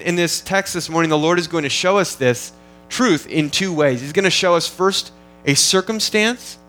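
A man's voice: on the high side, bright, forceful tone, rough recording. A man preaching an expository sermon in an earnest, teaching manner, often restarting phrases as he works through the text. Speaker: pastor.

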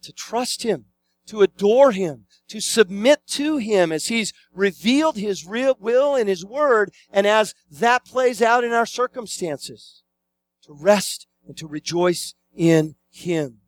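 High-voiced man preaching emphatically. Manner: emphatic, repeating key phrases. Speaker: pastor. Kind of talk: sermon.

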